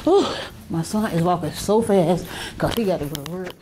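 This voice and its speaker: Here a weary middle-aged Southern woman, an Alabama native, speaks at a moderate pace in a fairly low voice, chatting to viewers as she moves through hospital corridors and rooms. It's a casual vlog filmed on a handheld phone, with noisy hospital sounds all around her.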